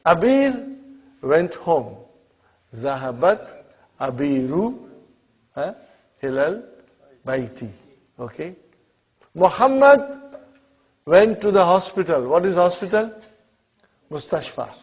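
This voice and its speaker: Very animated yet a little slow, with long pauses, a man with a slightly high, darkish, husky voice teaches Arabic. He patiently encourages his students as he walks them through example sentences, frequently saying "huh?" and "okay?". The classroom recording is dull and lo-fi.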